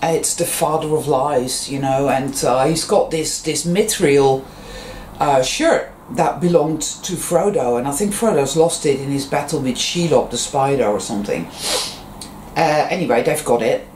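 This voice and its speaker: A speaker in a loose, meandering monologue that leans on fillers, breaks off and restarts thoughts, and jumps in pitch when a story gets going. The voice sits at an ordinary middle pitch. The sound is roomy and echoey, with faint ambient noise underneath. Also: measured pace, a little mellow. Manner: rambling, peppered with fillers and restarts. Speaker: vlogger. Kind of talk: casual spiritual monologue. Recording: roomy echo.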